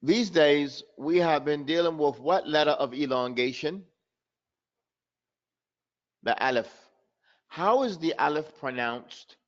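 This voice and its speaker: A man's voice: a little high, takes it slowly, long pauses, highs cut off. A man teaching a tajweed class, calling on students by name and switching between Arabic and English. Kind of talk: classroom lesson.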